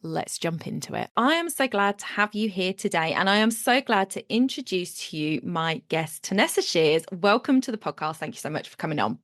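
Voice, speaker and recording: A woman's voice: medium pitch, expressive, a little fast, few pauses, fairly bright tone, no room sound, clean studio sound. A woman hosting a podcast interview, talking in an enthusiastic, chatty way with some fillers. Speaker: podcast host.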